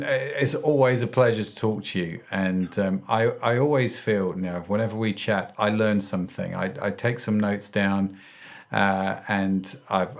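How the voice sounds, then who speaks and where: A man's voice: lowish voice, vocal fry, slight background noise. A man hosting an interview podcast, upbeat and jokey with effusive praise for his guest and listeners. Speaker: podcast host. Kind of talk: casual interview and show outro.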